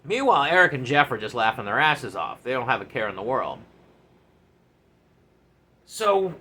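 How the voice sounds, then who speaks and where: A man, a former enlisted soldier, telling a story from his service days in a casual, animated, profane way. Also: medium pitch, normal speed, pauses often, breathy edge.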